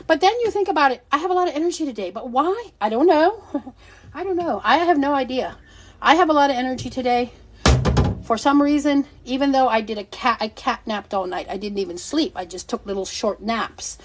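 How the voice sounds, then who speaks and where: A middle-aged woman with a high, bright-sounding voice hosts a casual livestream. She talks bluntly and with lots of energy, swearing freely and laughing often as she chats with her viewers. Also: expressive, brisk, background noise. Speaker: livestream seller and host.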